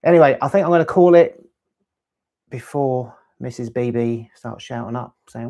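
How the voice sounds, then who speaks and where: A chatty man rambles through a live stream, answering viewers' questions and drifting from topic to topic. His voice sits at an ordinary middle pitch and he talks in a loose, easy way. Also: animated, moderate pace, dark tone. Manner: rambling, chatty, reads chat aloud. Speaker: LEGO channel host. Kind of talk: casual live-stream chat.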